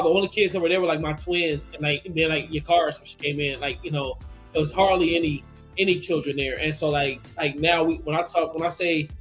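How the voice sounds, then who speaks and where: Man, pastor, co-host. Fairly high voice, chatty, halting speech, faint music underneath. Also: fairly bright tone. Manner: rambling, halting, with many restarts. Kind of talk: casual radio show chat.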